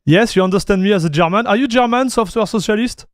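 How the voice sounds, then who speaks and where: A man's voice: sits high, fast talker, no room sound, clean studio sound. A man from France with a French accent, chatting casually with his live-stream chat as a tech streamer, laid-back and calling everyone "dude". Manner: laid-back, says "dude" a lot, reads chat aloud.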